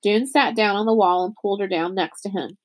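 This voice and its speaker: A woman reading a novel aloud as narrator. She keeps a steady, measured storytelling pace, her voice sitting at a middle pitch. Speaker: audiobook narrator. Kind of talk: scripted narration.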